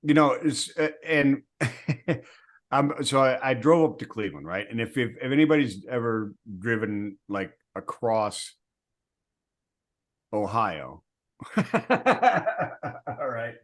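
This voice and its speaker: A man's voice: mid-range voice, lively intonation, slow, long pauses. A man co-hosting a podcast, chatting casually and telling a rambling driving story, laughing often. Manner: laughs often, rambling road-trip anecdote. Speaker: podcast co-host. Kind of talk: casual chat.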